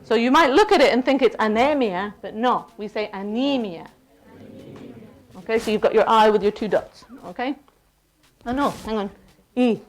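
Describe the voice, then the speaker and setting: A woman's voice: a little high, a little fast. Playful woman teaching a class. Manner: lively, playful, checks in with "okay?" often. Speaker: lecturer. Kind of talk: classroom lecture. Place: university classroom.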